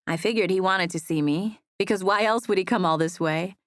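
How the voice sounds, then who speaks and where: Soft-spoken woman narrating a romance. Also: lowish voice, brisk, no room sound. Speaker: audiobook narrator. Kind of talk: first-person romance narration.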